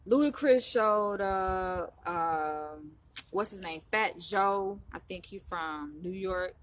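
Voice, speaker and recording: Speaking slowly in a mid-range voice, with a faint hiss or hum present, this Los Angeles vlogger talks to her viewers in a loose, rambling way. Her casual chat to camera is thick with fillers like "like" and "you know."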